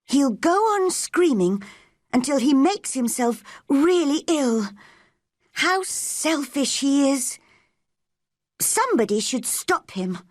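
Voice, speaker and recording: A woman's voice: high voice, animated, slow pace, no room sound, studio quality, voice pushed up. A woman voicing an angry, stubborn little girl who scolds sharply in a storybook reading. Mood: cross.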